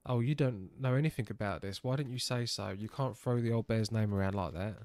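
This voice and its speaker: A man's voice: fairly low pitch, brisk, darkish tone, natural voice. A man voicing a brusque young rebel.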